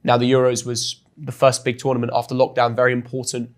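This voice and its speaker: A man's voice: mid-range voice, fast. Chatty young English man. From England. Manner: chatty and animated, often restarts words. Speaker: guest, football influencer. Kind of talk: casual storytelling in an interview.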